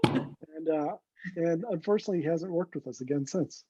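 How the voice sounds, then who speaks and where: A man, a guest photographer, telling an animated story in an interview and acting out what his friends said. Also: on the high side, normal speed, slightly rough, no echo. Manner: animated anecdote teller, acts out quoted friends. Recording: dull lo-fi recording.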